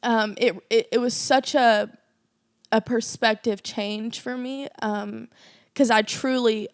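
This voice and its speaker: A woman's voice: a little high, fairly even intonation, slow, no echo, clean studio sound. A young woman co-hosting a faith podcast, telling a personal story in earnest casual chat with lots of fillers. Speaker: podcast co-host.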